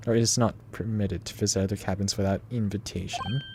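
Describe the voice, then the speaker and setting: A man voicing a blunt, proud male sailor guard in a put-on Russian accent, speaking broken English slowly and curtly. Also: lowish voice, steady tone, noisy background, natural voice. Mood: gruff. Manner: broken English, slow and curt.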